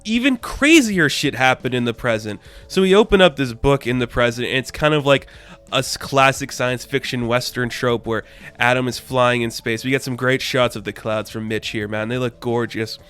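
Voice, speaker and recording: A man reviewing comics in a casual, excitable monologue, full of slang and loose exclamations. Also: mid-range voice, normal speed, smooth. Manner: excitable, slangy, peppers talk with "man" and "crazy".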